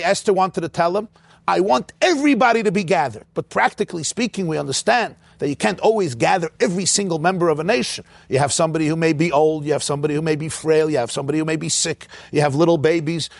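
A man leads a text-study lecture, raising a question and then working through the answer. His voice sits fairly high with a gravelly edge. The sound is close and dry. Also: quick pace, hardly any pauses, no room sound. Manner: explains by posing rhetorical questions. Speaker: Torah teacher.

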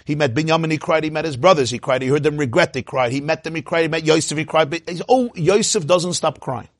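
Man, Torah teacher, high voice, husky, dry close sound, rhetorical questions. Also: fast, dry recording. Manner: animated, rhetorical questions, laughs often. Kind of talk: lecture on Hasidic teaching.

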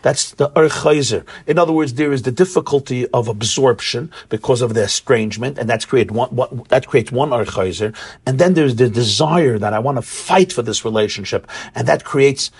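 A man's voice: medium pitch, husky. A man teaching a Torah class, earnest and searching for words, often restarting phrases as he explains. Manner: earnest, searching for words, acts out quoted voices.

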